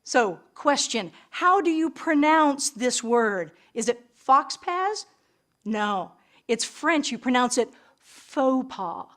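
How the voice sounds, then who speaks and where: Enthusiastic woman English teacher, higher voice. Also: expressive, takes it slowly, a bit bright. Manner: enthusiastic, theatrical, with playful asides. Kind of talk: recorded classroom lesson.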